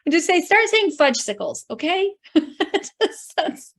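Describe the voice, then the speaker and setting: A woman hosting a casual video call chat, reacting supportively and quickly to what is shared. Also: extremely high pitch, very animated, a bit bright. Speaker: host.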